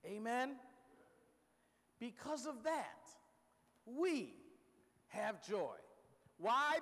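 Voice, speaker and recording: A man preaching a sermon. He punctuates his lines with "Amen?", speeds through everyday examples and slows on key phrases, dropping low at the ends. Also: very animated, a bit bright, long reverb tail.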